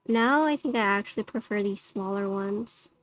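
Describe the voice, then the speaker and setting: A woman's voice: mid-range voice, normal speed, dry recording, faint music behind. A woman livestreaming, chatting casually with her viewers and using lots of "like" fillers. Her voice has a slightly robotic noise-suppression filter. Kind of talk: casual chat with stream viewers.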